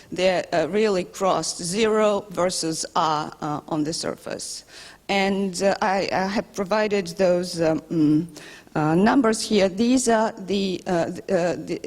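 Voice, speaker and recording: A woman linguistics researcher presents a study at an academic conference in a lecture hall, her lowish, darkish voice carrying a long hall reverb. She is hesitant, full of filler sounds and restarts, and makes self-deprecating asides.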